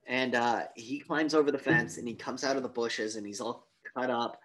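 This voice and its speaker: A man's voice: mid-range voice, a little fast, few pauses, rough recording. A man co-hosting a podcast, casually retelling a film's plot and acting out its lines. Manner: animated retelling, acts out quotes. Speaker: podcast co-host. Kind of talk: casual movie review chat.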